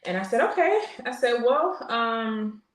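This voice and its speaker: A woman's voice: lowish voice, moderate pace. A woman in her forties, a guest on a podcast, tells a personal story in an earnest, open way, with many fillers and restarts. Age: 40s. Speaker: podcast guest, military veteran. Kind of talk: candid personal storytelling in conversation. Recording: roomy echo.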